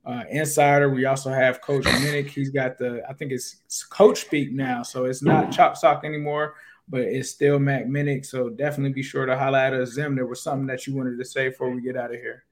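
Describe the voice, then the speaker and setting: A relaxed man co-hosting a casual sports podcast with a middle-pitched voice. He talks easily and informally as he wraps things up. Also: fairly quick, slight background noise. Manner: laid-back, wraps up with shout-outs. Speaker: podcast co-host.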